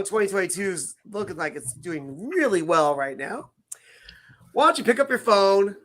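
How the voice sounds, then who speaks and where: A man's voice: high voice, a bit bright. A man co-hosting a casual podcast, playful and hamming it up as he chats. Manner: playful, hams it up with mock French. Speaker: podcast co-host.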